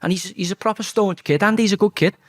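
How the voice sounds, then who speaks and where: A man, telling a football story in a blunt, sweary, animated way during a casual interview. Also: high-pitched, fast.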